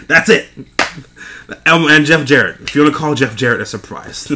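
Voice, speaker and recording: A man's voice: on the high side, animated, normal speed, pushed and bright. A young man recapping a wrestling event in a casual, profane rant, exasperated and laughing between points. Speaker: wrestling show reviewer.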